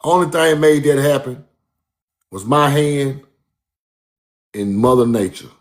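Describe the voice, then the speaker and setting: A man's voice: mid-range voice, expressive, slow. A man giving a casual, emphatic street-style lecture, repeating his points and calling the listener bro. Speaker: speaker giving a talk.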